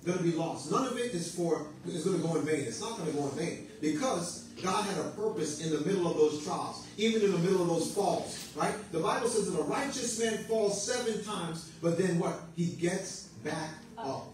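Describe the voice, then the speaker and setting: A man's voice: high-pitched, lively intonation, normal speed, few pauses, a little hiss or hum. A man preaching a sermon in a church, urging his listeners on with repeated phrases and call-and-response amens. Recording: very echoey room, mic at a distance.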